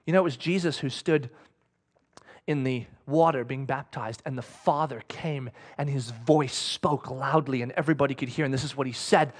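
A man's voice: medium pitch, moderate pace, breathy edge. A man preaching a sermon as pastor, earnest and emphatic, often repeating himself as he builds to fervent moments. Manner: repeats words when caught up in thought.

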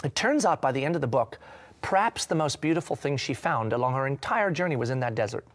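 A man giving a reflective faith talk, earnest and searching, sometimes dropping to a hushed voice. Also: mid-range voice, lively intonation, fast talker. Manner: earnest, searching, many fillers and restarts, drops to a hushed voice at times. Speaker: speaker sharing a devotional reading.

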